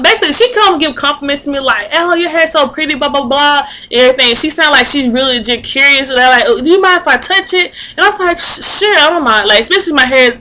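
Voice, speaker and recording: A woman's voice: high voice, sharp tone, rough recording. A young woman vlogging casually to camera, telling a rambling story full of fillers and restarts. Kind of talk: casual talking-to-camera vlog.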